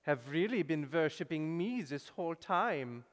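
A man's voice: sits high, fairly quick, voice pushed up, natural voice. Horus, a man putting on a smug god. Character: boastful male Egyptian god with a put-on accent. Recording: long reverb in a large hall.

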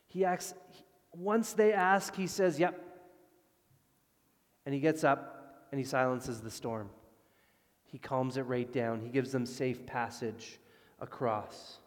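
Man, pastor, sermon, mid pitch, lively emphasis then hushed, long reverb in a church hall. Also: slow. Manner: animated, swings from loud emphasis to hushed calm.

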